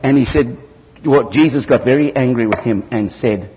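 A man from southern Africa preaching a sermon, telling stories with lively jumps in pitch. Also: moderate pace, background noise. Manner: animated storytelling with sudden loud jumps in pitch. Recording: hall reverb.

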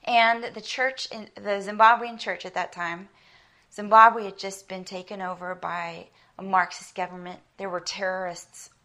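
With a medium-pitched, bright, and forceful voice, a middle-aged South African woman speaking in an American accent preaches unhurriedly and in a steady tone. Her sermon is earnest and emphatic, woven from personal stories.

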